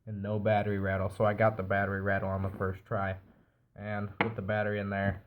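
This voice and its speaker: Nasal and congested from a cold, this man talks fast in a lowish voice while putting together a device he's reviewing, staying relaxed as he explains. The recording is muffled, with a noisy background.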